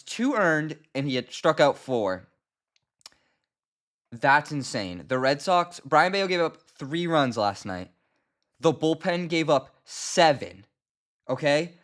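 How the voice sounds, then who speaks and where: A man's voice: medium pitch, fairly bright tone. A young man hosting a fan sports channel, talking straight to camera in an exasperated, emphatic rant that keeps circling back to the same complaints. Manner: exasperated, emphatic, repeats himself. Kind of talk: casual ranting commentary.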